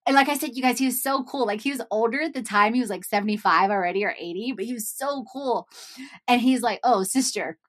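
A woman's voice: fairly high pitch, fast. A young adult woman talking casually to her viewers. She tells a personal story, says "like" often and laughs as she goes. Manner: animated, chatty, says "like" often, laughs while telling.

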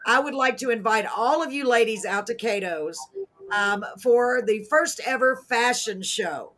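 A woman hosting a live talk show, chatting casually in an excitable, goofy, rambling way and correcting herself as she goes. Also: a little high, measured pace. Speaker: host of a live radio and web talk show.

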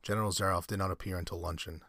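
A man narrating a short story in a measured, steady way. His voice is deep and husky, and the recording sounds close and dry with no room around it. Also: no echo. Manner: measured storytelling with occasional restarts. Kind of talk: audiobook reading of a short story.

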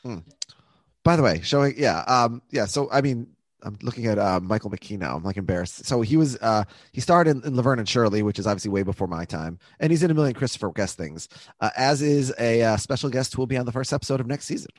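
A man's voice: medium pitch, animated, quick pace, no room sound. A man co-hosting a podcast, chatting casually and animatedly about a TV episode, laughing often. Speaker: podcast co-host. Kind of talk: casual chat recapping a TV episode.

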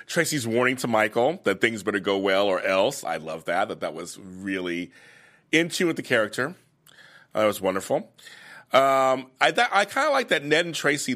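A man's voice: mid-range voice, sing-song, moderate pace, pushed and bright. A man hosting a fan aftershow, chatting casually and emotionally about the week's episodes, with many fillers and restarts. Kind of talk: casual chat recapping episodes.

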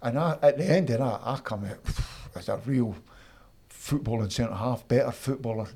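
A Scottish man, a former footballer, telling animated stories from his playing days in an interview, acting out his old coaches. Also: mid-range voice, moderate pace, slightly rough. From Scotland. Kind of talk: storytelling interview.

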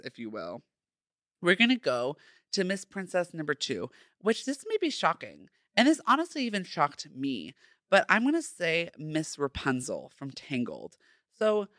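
A man's voice: fairly high pitch, sharp tone, no room sound, clean studio sound. A young man hosting a casual solo podcast, sassy and playful, full of slang. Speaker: podcast host.

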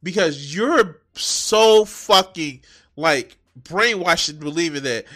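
A man mocking a clip in a profane, animated reaction commentary, cursing and laughing at the speaker. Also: on the high side, slow. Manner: mocking, animated, swears heavily.

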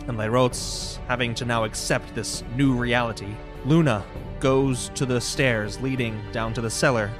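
A man narrating a tabletop game as game master in a measured, descriptive way. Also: medium pitch.

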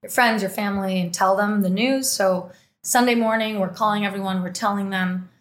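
A woman's voice: mid-range voice, fairly quick. A woman hosting a podcast, telling a long personal story in casual chat, laughing often and acting out what others said. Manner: animated, laughs often, acts out quotes. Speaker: podcast host. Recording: roomy echo.

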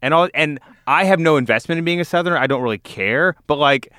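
A man's voice: on the high side, fast, pushed and bright, no echo. A man from southern Louisiana with no Southern accent, telling stories with wry, dry humor in casual chat.

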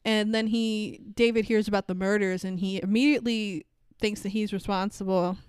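A woman's voice: medium pitch, steady tone, normal speed, darkish tone, clear, resonant tone, no room sound. A woman co-hosting a podcast, chatting casually about a film, swearing freely and laughing often. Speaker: podcast co-host. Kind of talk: casual chat, film review.

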